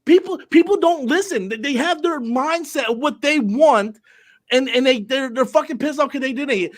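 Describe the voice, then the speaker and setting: Heated, high-voiced man ranting. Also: moderate pace. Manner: heated, profane ranting with stammered repeats. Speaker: show host. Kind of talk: live online discussion.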